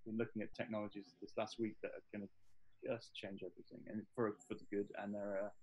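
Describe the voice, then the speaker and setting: A husky-voiced man from the English Midlands, speaking as an interview guest. He talks fast, pitched a little low, rambling eagerly through stories with many restarts. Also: little pitch movement, a little mellow, rough recording. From English Midlands, Staffordshire. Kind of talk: casual interview chat.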